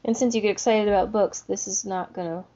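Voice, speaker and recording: A woman's voice: medium pitch, steady tone, fast talker, warm tone, lo-fi sound. A woman co-hosting a book podcast, chatting casually in an easygoing way. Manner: easygoing, laughs along often. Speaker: podcast co-host. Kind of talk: casual chat.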